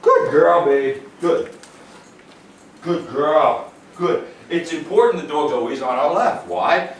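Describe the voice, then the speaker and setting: A man working as a dog trainer, explaining calmly to the owners and giving a dog short, upbeat praise during a demonstration. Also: a little high, takes it slowly. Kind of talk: instructional demonstration. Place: indoors in a home. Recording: roomy, distant sound with faint noise.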